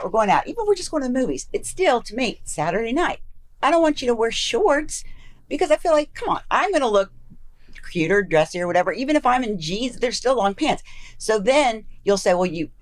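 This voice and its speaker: Animated woman chatting on a podcast. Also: on the high side. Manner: animated, self-deprecating, acts out quoted lines. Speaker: podcast guest. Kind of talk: casual podcast chat.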